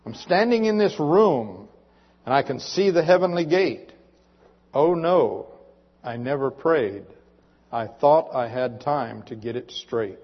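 A man's voice: medium pitch, animated, slow pace. Earnest preacher man in a reverberant church. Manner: earnest, dramatic poem reading. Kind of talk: sermon. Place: church sanctuary. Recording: muffled recording with long reverb.

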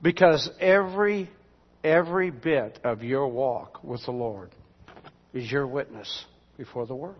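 A man's voice: mid-range voice, unhurried, husky. A man preaching as a pastor, telling everyday stories in a folksy, conversational way with asides to the congregation. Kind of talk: storytelling sermon. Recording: dull lo-fi sound with long hall reverb.

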